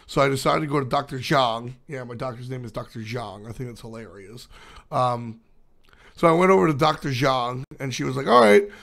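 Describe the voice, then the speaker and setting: Hoarse young man, gravelly voice. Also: mid-range voice, a little fast, fairly bright tone. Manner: rambling, filler-heavy storytelling. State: hoarse, recovering voice. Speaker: esports caster streaming to chat. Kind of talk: casual chat with live chat.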